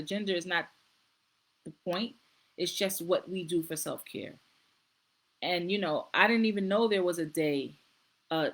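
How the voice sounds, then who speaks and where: A woman's voice: lowish voice, poor audio. Earnest middle-aged woman hosting a talk. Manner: warm, earnest, repeats herself. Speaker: host; nurse practitioner. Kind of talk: casual live-stream talk.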